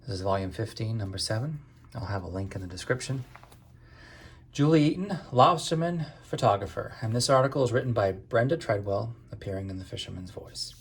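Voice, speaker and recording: A man's voice: fairly low pitch, fairly quick, slightly rough. A man from Maine giving a casual spoken book review in a conversational, hesitant way.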